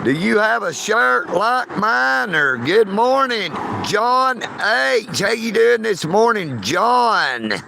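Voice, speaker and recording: A man's voice: high voice, big pitch swings, slow pace, vocal fry, hardly any pauses, pushed and bright, slight background noise. A man with a Southern US accent livestreaming from inside a car, greeting his chat viewers by name in an easygoing drawl. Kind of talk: casual live stream chat.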